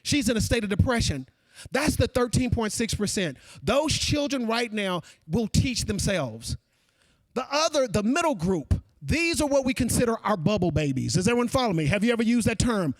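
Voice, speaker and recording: A very high male voice at normal speed delivers an energetic keynote at a conference, addressing everyone directly as "folks." The audio has no echo.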